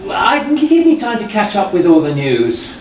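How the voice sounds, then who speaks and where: A man's voice: high-pitched, huge pitch swings, background noise. A man playing a stern, defensive estranged father. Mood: placating. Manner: defensive, stern, halting restarts. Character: gruff estranged father, middle-aged man, defensive and stubborn. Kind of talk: live stage play acting. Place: theater stage. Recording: echoey stage from far off, faint ambience.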